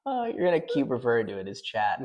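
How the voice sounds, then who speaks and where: A man's voice: mid-range voice, huge pitch swings, quick pace, a little mellow, highs cut off. A man in his thirties co-hosting a casual podcast, chatting loosely, swearing freely and acting out quotes in exaggerated voices. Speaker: podcast co-host. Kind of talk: casual chat.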